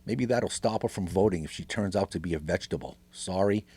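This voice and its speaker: A man's voice: low-pitched, a little fast, warm tone, husky. A middle-aged man hosting a podcast, delivering an angry, sarcastic, swearing political rant. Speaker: podcast host.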